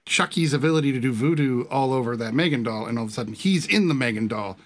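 A man's voice: medium pitch, fast. A man hosting a casual movie review panel, easygoing and steering the chat. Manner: easygoing, moderates the discussion. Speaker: podcast host.

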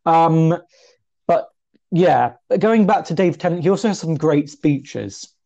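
Young male co-host, gravelly and mellow, chatty and self-mocking, dull lo-fi sound. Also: slow. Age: 20s. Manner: chatty, self-deprecating, lively pitch jumps. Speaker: podcast co-host. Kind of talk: casual chat.

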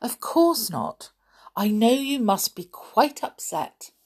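A woman voicing a kindly male mouse doctor who speaks gently and patiently to reassure a child. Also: medium pitch, very animated, slow, breathy edge, full character voice. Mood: reassuring.

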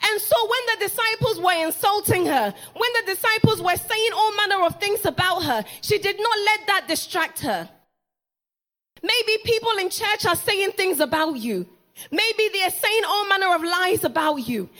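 A woman's voice: very high-pitched, animated, moderate pace, bright, forceful tone. A woman preaching a sermon, telling the story dramatically, repeating key lines for emphasis and acting out the people in it. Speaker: pastor's wife preaching.

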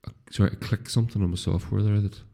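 A man's voice: on the low side, fairly even intonation, fast, vocal fry, mellow, husky. A middle-aged man with a Northern Irish accent, hosting a casual solo podcast, rambling with restarts and swearing freely. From Northern Ireland. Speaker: podcast host.

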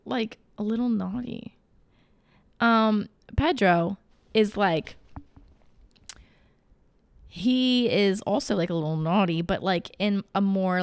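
A woman's voice: medium pitch, no echo. Chatty young woman, dry close sound. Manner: chatty, gushing, rambling with fillers and self-corrections. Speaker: vlogger. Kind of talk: casual chat to camera.

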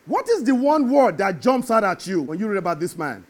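A man preaching a sermon, animated and building to emphatic shouts. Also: high voice, a little fast.

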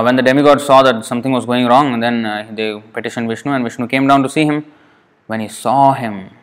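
A man retelling a devotional story in a loose, digressive way, full of fillers and self-corrections. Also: medium pitch.

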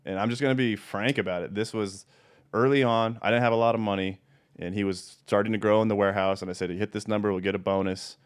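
Man, fast and a bit low-pitched, blunt, swears a lot, casual storytelling host. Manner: profane, blunt, animated storyteller. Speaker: podcast host.

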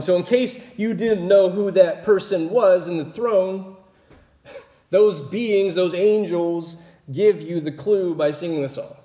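A man with a mellow, slightly higher voice teaches scripture in an easygoing, conversational way. He keeps checking in with his listeners as he explains. The room around him is roomy and echoey. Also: takes it slowly. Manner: relaxed, explanatory, often checks in with "right?". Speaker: Bible teacher.

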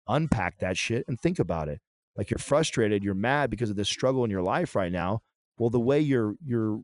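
A man's voice: on the low side, a little mellow, dry recording. A podcast co-host in his thirties talking candidly in a blunt, profane, emphatic way.

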